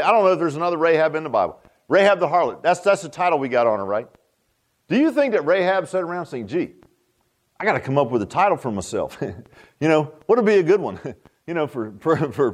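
A man preaching a sermon, folksy and joking, often asking the congregation questions. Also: a little high. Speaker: pastor.

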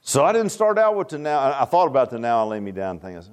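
A middle-aged man, preaching a sermon in a folksy storytelling way that swings between loud bursts and hushed asides. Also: medium pitch, sing-song, fast, smooth. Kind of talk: sermon testimony.

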